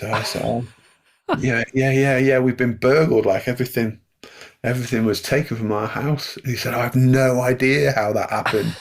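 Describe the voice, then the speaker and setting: Speaking briskly with a steady tone and medium pitch, a middle-aged podcast guest chuckles his way through a story, performing the voices of its characters. A slight hiss or hum sits under the recording.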